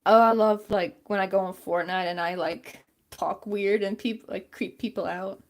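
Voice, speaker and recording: A woman's voice: mid-range voice, fairly even intonation, moderate pace. A woman chatting casually and rambling with many fillers while she crochets on a stream.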